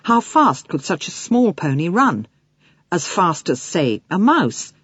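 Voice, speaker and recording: A woman narrating an audiobook for children in an expressive storytelling manner. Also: on the low side, slow pace, husky, dry recording, dull audio. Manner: expressive storytelling with lively swings.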